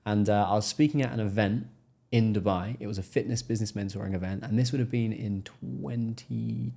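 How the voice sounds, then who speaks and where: Low-voiced English man telling stories. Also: fairly quick, creaky. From England. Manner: animated storyteller, acts out quoted voices. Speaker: podcast guest. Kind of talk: casual interview storytelling.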